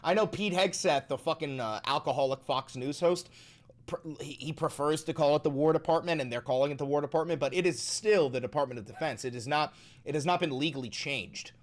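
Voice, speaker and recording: A man hosts a casual reaction video, talking in a somewhat high voice. He jokes around, swears freely and stays animated throughout. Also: a little fast. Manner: animated, profane and joking. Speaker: host.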